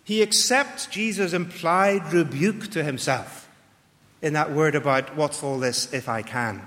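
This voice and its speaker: Earnest preacher in an echoing hall. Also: male voice, fairly high pitch, unhurried, fairly bright tone. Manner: earnest, emphatic, acts out pleas in a raised voice. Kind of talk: sermon.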